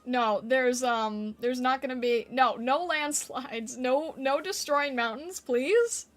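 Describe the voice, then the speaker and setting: Giggly high-voiced woman streamer. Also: slow pace, fairly bright tone. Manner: playful, giggly, reacting to chat. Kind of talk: casual live-stream chat with viewers. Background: faint background music.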